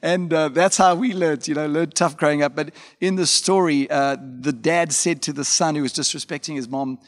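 A man's voice: a little high, fairly even intonation, moderate pace. A man preaching a conversational sermon as a pastor, telling stories informally with frequent fillers and asides. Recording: long hall reverb.

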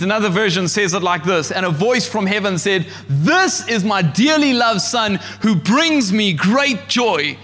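Man, pastor, sermon, high bright voice, long hall reverb. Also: expressive, a little slow, hardly any pauses. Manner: impassioned, shouts when acting out God's voice.

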